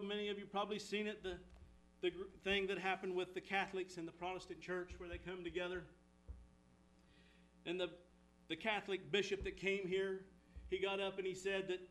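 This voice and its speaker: A man preaching an impassioned sermon, swinging between loud exhortation and hushed storytelling. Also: poor audio. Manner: impassioned, rising and falling, drops low for storytelling. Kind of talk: fervent sermon.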